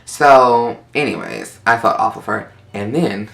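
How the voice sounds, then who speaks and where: A young man telling a story in casual chat, sassy and animated, acting out quotes in high voices. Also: unhurried, gravelly, soft background music.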